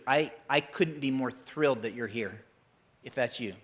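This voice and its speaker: A middle-aged man preaching a sermon as pastor in a church, in a conversational, emphatic way. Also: medium pitch. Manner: conversational, emphatic, acts out quick voices.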